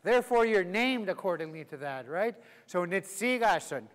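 A man with a fairly high voice leads a live language class, joking around and drilling words for the group to repeat. His voice rings out with a long reverb in a large hall. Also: expressive, normal speed. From Canada. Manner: playful, laughing, drilling phrases for repetition. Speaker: Cree language teacher.

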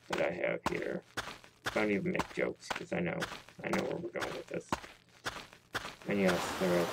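Rambling low-voiced man with loud noise behind. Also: creaky. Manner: rambling, jokey and self-mocking. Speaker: let's play host. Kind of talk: casual gameplay commentary.

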